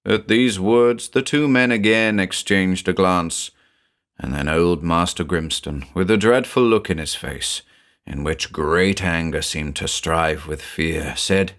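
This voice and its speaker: A man narrating a classic horror story in a measured, dramatic reading. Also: low voice, fairly bright tone.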